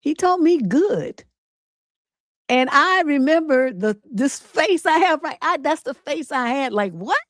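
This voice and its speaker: A middle-aged woman, a relationship coach and livestream host, telling a personal story in a casual, animated way, acting out quotes with attitude and cursing freely. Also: high-pitched, normal speed, hardly any pauses, no echo, studio quality. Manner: animated, sassy storytelling with acted-out quotes and swearing.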